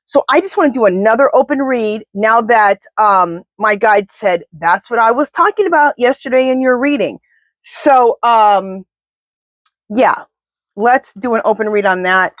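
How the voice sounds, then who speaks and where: A woman's voice: a little high, animated, unhurried, dry recording. A woman doing a casual tarot reading to camera, talking to her spirit guides and speaking bluntly and indignantly. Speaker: tarot reader.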